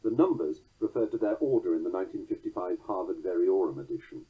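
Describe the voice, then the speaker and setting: A man with a deep, markedly husky voice reads lines of verse slowly and precisely, then explains their meter with a dry, wry touch. The sound is dull and lo-fi. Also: expressive. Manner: measured, precise, drily wry. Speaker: poetry teacher. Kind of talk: scripted narration reading verse aloud.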